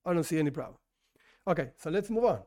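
A man with a high voice teaches an informal Torah lesson. His first language is not English, and he talks in a loose, conversational way. He restarts his sentences and keeps posing questions only to answer them himself. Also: lively intonation, fast talker, mellow. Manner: conversational, self-correcting, asks and answers his own questions.

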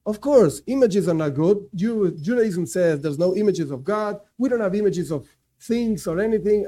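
A man teaches a class in a fairly high voice with a mellow, soft-edged tone. He talks in a loose, conversational way, hammering his main points again and again and stopping for quick asides. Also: expressive. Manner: emphatic, repeats key points, conversational asides. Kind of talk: informal religious lecture.

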